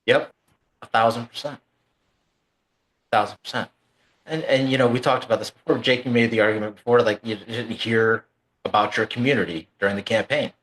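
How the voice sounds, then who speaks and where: A man's voice: medium pitch, fairly even intonation, brisk, pauses often, fairly bright tone. A man co-hosting a casual political talk show, ranting angrily and swearing freely. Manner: angry, profane ranting. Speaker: podcast co-host.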